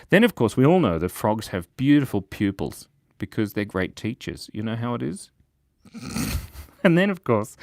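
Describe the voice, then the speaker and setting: A man's voice: lowish voice, darkish tone, dry recording, clean studio sound. A man hosting a live children's drawing lesson, playful and jokey, reading viewers' chat aloud as he draws. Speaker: drawing show host.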